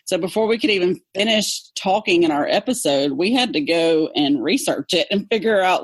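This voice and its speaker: A woman with a Southern accent, an English teacher chatting in an interview, talkative and quick to laugh. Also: fairly low pitch, animated, no room sound. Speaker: English teacher, podcast co-host guest. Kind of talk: casual interview chat.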